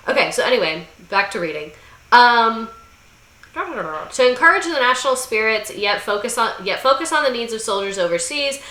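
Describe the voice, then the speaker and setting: Young woman, bright voice, irreverent sarcastic comedy commentary, roomy echo. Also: medium pitch. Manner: irreverent, swearing, sarcastic asides; slips into mocking voices. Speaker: video essay host. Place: room under bright lights.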